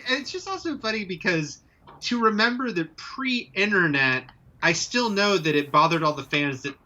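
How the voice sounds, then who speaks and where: A man's voice: sits high, animated, moderate pace, sharp tone. A man in his forties co-hosting a casual pop-culture podcast, chatty and laughing along. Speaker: podcast co-host. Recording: dull lo-fi sound.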